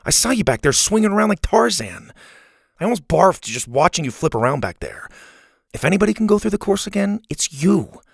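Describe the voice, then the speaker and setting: A man's voice: sits high, sing-song, a little fast, gravelly, no echo, studio quality, voice pushed up, full character voice. A man voicing a kind, earnest boy who talks supportively to his friend. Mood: encouraging. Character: kind, encouraging boy camper.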